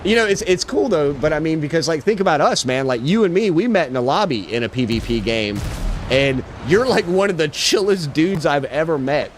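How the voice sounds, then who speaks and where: A man's voice: a little high, expressive, fairly quick, slight background noise. A man livestreaming a game, chatting casually in a laid-back, slangy way with lots of swearing. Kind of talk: casual chat while gaming.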